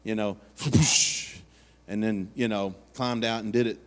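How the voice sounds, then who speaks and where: A man's voice: fairly low pitch, steady tone, slow. A man preaching a sermon as pastor, speaking in an earnest storytelling manner and acting out the voices he quotes. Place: church sanctuary. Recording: long hall reverb.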